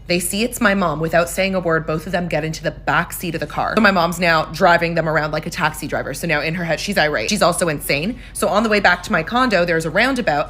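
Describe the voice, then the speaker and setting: A woman casually telling a juicy family story, gossipy and animated, swearing freely. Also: fairly low pitch.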